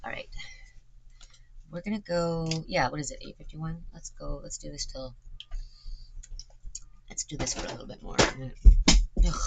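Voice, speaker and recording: A Canadian woman with a low voice rambles on stream in casual chat, against a noisy background. She's chatty and swears a lot, filling gaps with "like" and "um."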